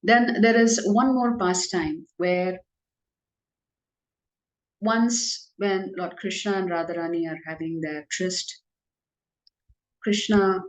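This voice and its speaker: A woman recounting devotional tales as the speaker of a spiritual class. Her voice sits a little low. She tells the stories with lively, animated energy. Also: poor audio. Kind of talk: devotional storytelling.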